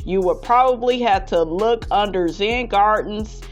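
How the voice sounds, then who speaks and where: A woman's voice: medium pitch, unhurried, muffled recording, soft background music. A woman hosting a gossip commentary on reality TV, reading viewer comments in a sassy way and calling everyone honey. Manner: sassy, calls listeners honey, prone to laughing fits.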